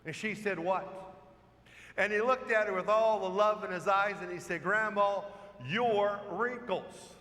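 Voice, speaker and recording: High bright-voiced priest preaching in church. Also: male voice, fairly even intonation, fairly quick, few pauses, slight background noise. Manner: storytelling, conversational preaching with rhetorical questions. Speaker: parish priest. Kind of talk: sermon. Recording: long church reverb.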